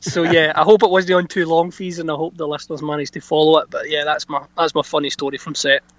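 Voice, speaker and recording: Chatty Scottish man, bright voice. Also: a little high, quick pace, no echo, highs cut off. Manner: chatty, animated storyteller. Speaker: actor guest. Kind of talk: casual anecdote-telling interview.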